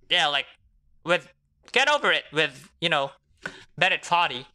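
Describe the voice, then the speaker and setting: A young man talks slowly and casually over a game, joking as he reads text messages aloud. His voice is bright and clear, with a smooth, unhurried delivery. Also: on the high side, very animated. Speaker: gamer. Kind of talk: casual gameplay commentary.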